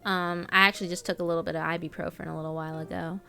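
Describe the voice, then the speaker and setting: A young woman chats on her live stream in a bright, forward voice, greeting viewers by name and filling pauses with ums and little laughs. Faint guitar music plays quietly beneath her talk. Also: lowish voice, flat delivery, creaky. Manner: chatty, reads out viewer names, filler-heavy. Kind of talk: casual live-stream chat.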